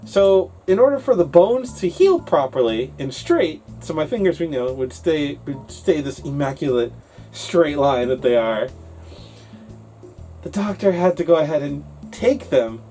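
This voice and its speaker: A man co-hosting a casual English-learning talk show, telling a story in an animated way and acting out his younger self. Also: on the high side, a little slow, soft background music.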